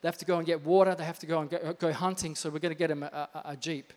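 A male pastor preaching an energetic, emphatic sermon with lots of repetition in a church. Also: on the high side, rapid-fire. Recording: reverberant church hall.

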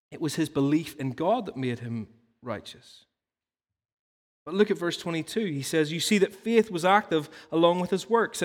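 A man preaching a sermon in an earnest teaching tone, explaining through stories and rhetorical questions. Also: on the high side. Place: church hall. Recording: long reverb of a large hall.

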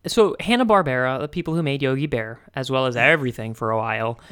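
A man's voice: medium pitch, fast, a bit bright, clean tone. A man hosting a podcast in casual chat, enthusiastic and laughing often, with rambling explanations. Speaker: podcast host.

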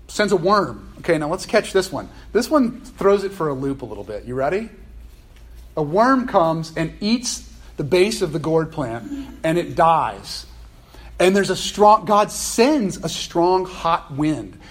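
Animated preacher man, slightly high voice. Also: a little slow. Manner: conversational, animated, playful asides. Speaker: pastor. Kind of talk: sermon.

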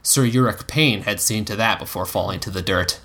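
A man's voice: fairly low pitch, moderate pace, bright, forceful tone. A man narrating a story aloud, reading expressively and giving the characters voices. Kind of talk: reading fan fiction aloud.

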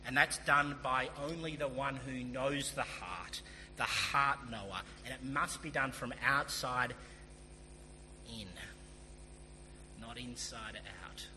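Bright-voiced male preacher in a reverberant hall. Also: medium pitch, takes it slowly, long pauses. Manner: earnest, emphatic preaching with casual asides. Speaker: pastor. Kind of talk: sermon. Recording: long hall reverb, faint hum.

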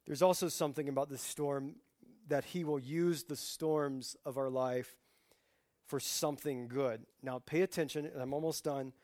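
A man in his forties preaching a sermon in a conversational way, dropping to a hush and then rising into loud, lively outbursts. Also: medium pitch, normal speed, no echo, studio quality. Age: 40s. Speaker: pastor.

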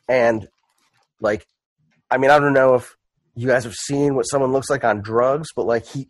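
A man describes his tabletop character in a loose, rambling way, full of fillers and jokes. His pitch is middling, and the sound is dry and close. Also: no echo. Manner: rambling, filler-heavy, joking. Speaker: player. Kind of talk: casual tabletop role-play.

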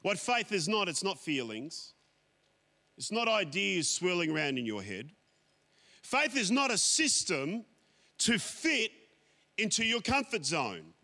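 A man's voice: high voice, very animated, bright, forceful tone. A man preaching a sermon, stretching out key phrases and calling on the congregation. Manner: emphatic, drawn-out phrases, calls to the congregation. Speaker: pastor. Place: church sanctuary.

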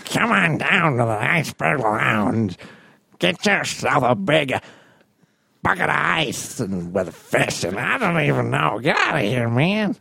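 A greedy, creepy little crime boss with a gravelly, husky voice, as a man puts him on for laughs. He mumbles in a gruff, self-satisfied way, with his pitch rolling wildly up and down. It feels like a goofy podcast impression. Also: sing-song, a little slow, bright, forceful tone, no echo, exaggerated voice. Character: short fat creepy male Penguin-style mobster, greedy.

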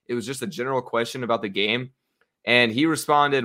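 Bright-voiced young man ranting about football. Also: medium pitch, a little fast. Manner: animated, swearing, gets worked up. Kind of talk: casual sports chat.

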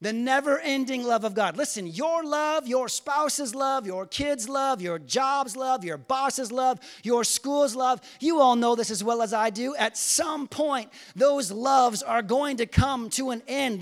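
A male pastor preaching a sermon in church, leading call-and-response and swinging between quiet, slow lines and loud shouts. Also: extremely high pitch. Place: church hall.

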